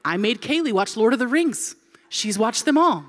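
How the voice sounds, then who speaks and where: A woman's voice: fairly high pitch, normal speed. A woman in her forties from Florida, a pastor telling a funny story in a sermon and acting out the people in it. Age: 40s. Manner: animated, comic, acts out quoted voices.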